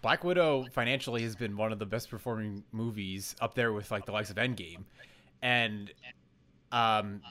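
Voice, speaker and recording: A man co-hosting a podcast in casual chat, giving opinions and quick quips, with hesitant fillers. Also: lowish voice, pushed and bright. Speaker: podcast co-host.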